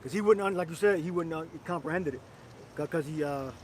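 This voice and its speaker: A man's voice: a little high, fairly quick, background noise. A man leading an outdoor street preaching camp, blunt and coarse, calling on others to read scripture. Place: outdoors on a city street with traffic.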